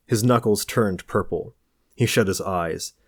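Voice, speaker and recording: A man narrating a novel as an audiobook reader, in a calm, measured way. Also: lowish voice, slightly rough, no room sound, studio quality.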